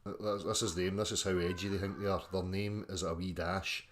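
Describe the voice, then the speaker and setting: A man's voice: low-pitched, level tone, a little fast, fairly bright tone, slight background noise. A Scottish man hosting a livestream, reading out chat and mocking his critics in a sweary, combative rant.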